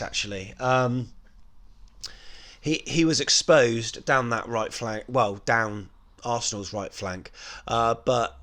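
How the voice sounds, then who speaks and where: A man hosting a football fan channel, rating players in a casual, rambling way, full of ums and you-knows and small self-corrections. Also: medium pitch.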